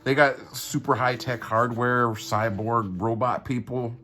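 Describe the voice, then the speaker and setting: A man's voice: mid-range voice, fairly even intonation, unhurried, sharp tone. A man casually reviewing a comic book, rambling and laid-back with lots of fillers.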